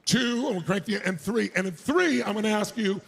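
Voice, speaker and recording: A man giving a motivational speech to a live crowd on an arena stage. He is energetic and shouts to pump up the crowd, with crude, joking asides. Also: high-pitched, a little fast, vocal fry. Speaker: motivational speaker.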